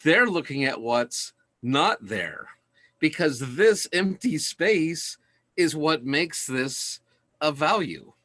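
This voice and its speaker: A man's voice: a little high, animated, takes it slowly, pushed and bright, dry recording. A man teaching in a casual lecture, enthusiastic and laughing often as he talks.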